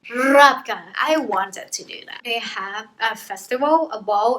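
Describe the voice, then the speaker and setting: A bright-voiced woman rattles through a casual book summary in a loose, playful, chatty way. Her pitch sits a touch high, and her tone is vivid and forward. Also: poor audio. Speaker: book vlogger.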